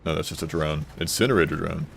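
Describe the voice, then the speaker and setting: Male streamer, very low voice, offhand joking commentary over faint game noise. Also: fast, vocal fry, a bit bright. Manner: joking, reading chat aloud, offhand. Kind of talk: casual gaming stream commentary.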